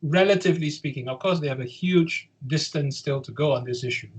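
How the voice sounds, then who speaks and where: A man from the UK, a guest on an interview, speaking in a measured way and hedging with qualifiers and fillers. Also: fairly high pitch, poor audio. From United Kingdom. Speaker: guest, head of a survivor support group.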